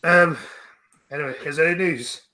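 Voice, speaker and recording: A man's voice: a little high, moderate pace, bright, forceful tone. A man co-hosting a casual live-stream chat over a voice call, teasing and stammering over his words. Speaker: co-host.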